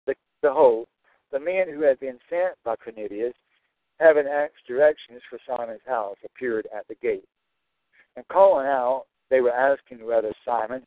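A man's voice: mid-range voice, no echo. Man, Bible teacher, emphatic, repeats himself, dry close sound, tinny lo-fi audio. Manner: emphatic, repeats key points.

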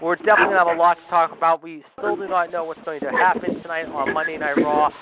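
A man hosts an internet radio talk show in an announcer style, and he keeps working "however" and "ladies and gentlemen" into his sentences. His voice sits a little high for a man. The sound is dull and lo-fi, and a loud noise bed runs under it. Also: flat delivery, fast talker. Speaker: wrestling radio show host.

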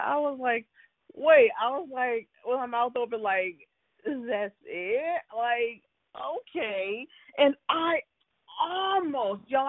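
A woman co-hosting a casual soap opera chat, animated and incredulous. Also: high voice, no room sound. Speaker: podcast co-host. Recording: tinny phone-like line, dry.

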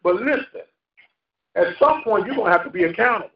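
A male pastor preaching a sermon with call-and-response, laughing at times and rising into shouts. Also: high voice, expressive, brisk, long pauses. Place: church sanctuary. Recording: echoey church hall, lo-fi. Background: congregation responding.

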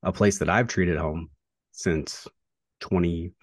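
A man, a pro wrestler, talking through a rivalry in a casual interview, reflective and halting with fillers and restarts. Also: sits low, fairly even intonation, no room sound.

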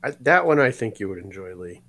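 A man co-hosting a podcast, telling stories in a lively way and acting out the voices of the people in them. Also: fairly low pitch, fairly quick. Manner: animated storyteller, acting out voices. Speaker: podcast co-host. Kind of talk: casual chat.

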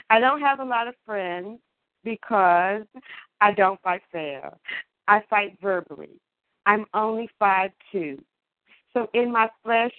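A woman caller performing emphatic, playful spoken word on a call-in show, with deliberate delivery and wordplay. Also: mid-range voice, no room sound. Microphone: phone. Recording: tinny phone line.

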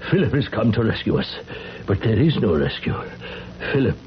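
An old alchemist, deep and swinging widely in pitch as he murmurs over his potions. He sounds absorbed and fussy, then solemn as he chants. It plays like a dull, lo-fi 1970s radio drama. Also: sing-song, normal speed, slight background noise. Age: older. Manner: distracted, murmuring, then incantatory.

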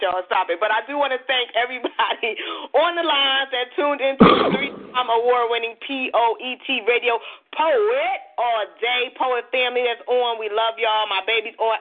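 Laughing radio host woman on a phone line. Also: on the high side. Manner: lively, joking, quick to laugh. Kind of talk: casual call-in radio chat.

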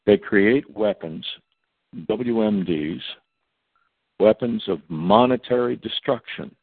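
A man's voice: on the low side, takes it slowly, breathy edge, dry recording. A man speaking as a guest on a talk radio show, in a long emphatic monologue, spelling out acronyms letter by letter. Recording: tinny phone line.

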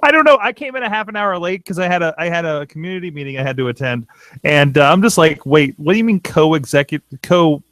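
A man's voice: fairly high pitch, lively intonation, fast, a bit bright, dry recording. A man hosting a casual wrestling chat show from a home studio, rambling with frequent fillers. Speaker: podcast host.

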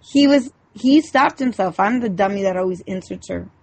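A woman's voice: medium pitch, normal speed, no echo. A woman co-hosting a casual podcast, talking in a chatty, rambling way with lots of fillers. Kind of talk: casual chat.

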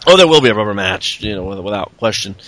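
A man talks casually with a lively, swooping delivery, acting out other people's lines as he goes. His voice sits high and bright, and he curses freely. The sound is close and dry. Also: quick pace, no room sound. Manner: lively, profane, acts out wrestlers' lines in put-on voices. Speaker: podcast co-host recapping wrestling. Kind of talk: casual chat.

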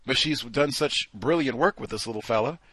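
A man's voice: mid-range voice, brisk, breathy edge, no room sound. A man hosting a talk show, commenting casually and acting out quoted voices. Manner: animated, acts out quoted voices. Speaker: podcast host.

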